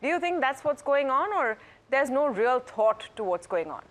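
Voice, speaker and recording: A woman's voice: high voice, sing-song, normal speed. A woman anchoring a business news interview, asking long questions and rephrasing them as she goes.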